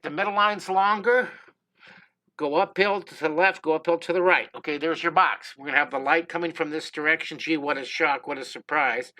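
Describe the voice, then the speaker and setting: Middle-aged male art teacher streaming live, keen and talkative, bright tone, a bit high. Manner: enthusiastic, chatty, talks to viewers by name. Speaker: drawing teacher. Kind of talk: live-streamed drawing lesson. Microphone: desk microphone close to mouth.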